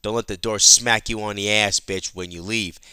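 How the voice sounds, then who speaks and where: A man's voice: lowish voice, fairly even intonation, moderate pace, pushed and bright, clean tone, no room sound, studio quality. A man voicing a gloating male crime boss with a smug, dismissive manner, in a casual comic recap.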